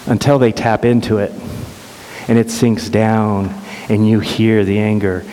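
A middle-aged man telling an emotional personal story earnestly, often halting and repeating words. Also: on the low side, steady tone, a little mellow. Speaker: speaker sharing a personal story. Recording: reverberant hall with faint hiss.

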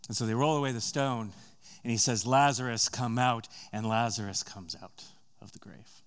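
Retelling a story from the pulpit, a male preacher mixes in conversational asides, swelling louder and higher when things get tense and falling quiet and slow afterward.

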